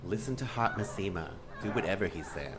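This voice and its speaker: A man talking through a fantasy episode breakdown, animated and excitable, and he laughs often. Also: sits low, fairly quick, heavy background noise. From Texas. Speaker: show reviewer.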